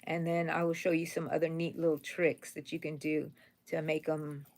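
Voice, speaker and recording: A woman's voice: deep voice, little pitch movement, normal speed, darkish tone. Chatty middle-aged woman hosting a live stream. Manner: chatty and rambling, greets viewers by name; tender and sentimental. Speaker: crochet channel host. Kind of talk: casual live-stream chat while crocheting.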